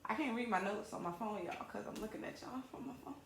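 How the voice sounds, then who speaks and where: A woman talk show host and comedian, chatting loudly and rambling. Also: a little high, fast, roomy sound, slight background noise. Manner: loud, animated, chatty and rambling. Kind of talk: casual talk show chat.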